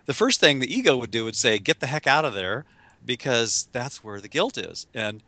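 A man with a gravelly, bright edge talks through spiritual ideas in a loose, halting way, restarting his phrases and leaning on fillers. He laughs now and then and slips into quick acted voices. The sound is close and dry. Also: medium pitch, expressive, dry recording. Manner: laughs often, acts out voices in quotes. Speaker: spiritual teacher. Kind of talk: casual spiritual discussion.

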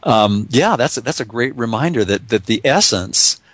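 A man's voice: medium pitch, animated, moderate pace, a bit bright, no room sound. A man talking in a casual, reflective way as a guest author, often restarting and repeating words.

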